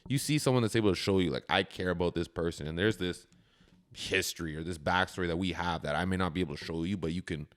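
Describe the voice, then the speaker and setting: Deep-voiced man in animated film chat. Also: fast talker. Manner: animated, acts out reactions in quoted voices. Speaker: podcast guest. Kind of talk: casual chat about a film.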